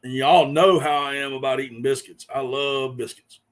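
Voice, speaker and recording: A man's voice: mid-range voice, fairly even intonation, moderate pace. A middle-aged man, hosting a casual live stream and telling rambling stories to his viewers with frequent chuckles. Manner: rambling storyteller, chuckling often.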